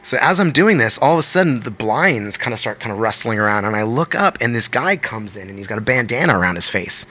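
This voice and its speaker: Man, quick speech, bright voice, animated, profane storytelling, casual podcast. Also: medium pitch. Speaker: guest musician.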